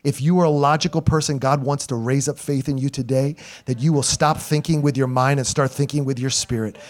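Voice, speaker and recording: A middle-aged man, a pastor, preaching a sermon to a congregation, calling for responses and swinging between loud and hushed delivery. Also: medium pitch, fairly even intonation, a little fast. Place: church sanctuary before a congregation.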